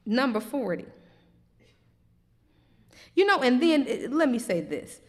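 A woman preaching a sermon, with a fairly high voice. She swings between loud, emphatic questions and quiet reflection. A long hall reverb trails her words. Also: very animated, slow.

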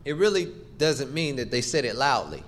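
A man's voice: medium pitch, expressive, moderate pace, fairly bright tone. Man preaching an emphatic sermon. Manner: emphatic, rhythmic preaching with repetition.

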